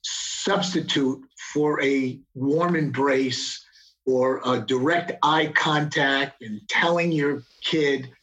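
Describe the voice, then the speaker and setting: A middle-aged man, a father, talking reflectively in a casual conversation, with many pauses and restarts. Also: mid-range voice, a bit bright, rough recording. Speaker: guest, father of the host.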